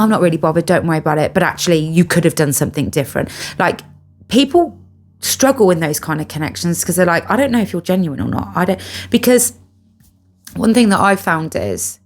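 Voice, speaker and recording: A woman's voice: fairly low pitch, darkish tone. A middle-aged British woman talking earnestly to camera about spiritual healing, stressing and repeating her key phrases. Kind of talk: casual monologue to camera.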